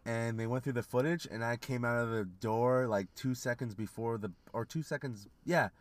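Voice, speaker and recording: A man from Canada co-hosting a podcast, chatting casually. He tells stories in an animated way, swears freely and laughs a lot. His voice sits in a middle pitch and sounds dry and close to the mic. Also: normal speed, no echo. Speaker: podcast co-host. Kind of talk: casual chat.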